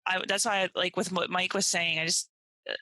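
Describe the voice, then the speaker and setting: A woman's voice: fairly low pitch, little pitch movement, normal speed, pushed and bright, dry recording. A woman producing and chiming into a casual podcast chat, hesitant and full of "like". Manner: hesitant, lots of "like". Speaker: producer, co-host.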